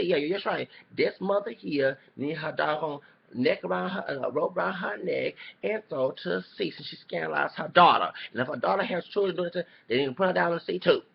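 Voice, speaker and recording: Gravelly man ranting on a lo-fi recording. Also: high voice. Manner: heated, cussing, repetitive, apologizes for swearing. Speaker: YouTuber. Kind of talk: reaction commentary rant. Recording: dull lo-fi recording.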